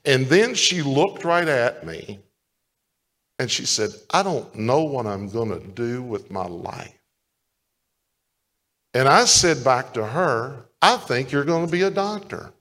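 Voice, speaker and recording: A male pastor preaching a sermon. He tells stories and swings from loud calls to the congregation to hushed retellings. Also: medium pitch, animated, takes it slowly. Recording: long hall reverb.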